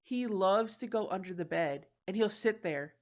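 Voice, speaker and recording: A woman's voice: mid-range voice, animated, normal speed, a little mellow. Laughing, casual podcast host woman. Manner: laughs often, swears casually. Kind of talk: casual chat.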